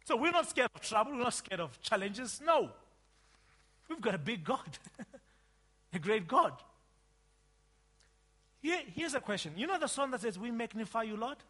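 Animated, high-voiced male preacher. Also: measured pace, pauses often, slightly rough. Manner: emphatic, swings from loud outbursts to quiet asides. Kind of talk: sermon.

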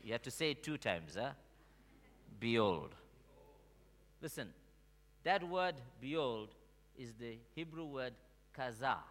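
A male pastor preaching a sermon in a church, slow and emphatic, calling on the congregation to answer back and swinging from quiet to shouting. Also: medium pitch, animated. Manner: call-and-response with the congregation. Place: church sanctuary. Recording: long reverb of a large hall.

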